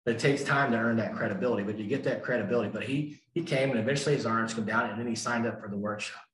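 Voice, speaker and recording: An older man speaks very fast in a medium-pitched, somewhat bright voice at a recovery meeting, the room echoing around him. His story comes out emphatic, with key lines repeated for impact.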